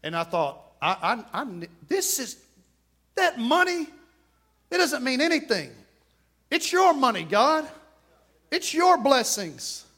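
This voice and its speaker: Male pastor, high tenor voice, church sermon, fervent, chats with the congregation between loud exclamations. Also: very animated, slow, pauses often. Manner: fervent preaching that swings from quiet asides to loud exclamations; conversational, jokes with the congregation.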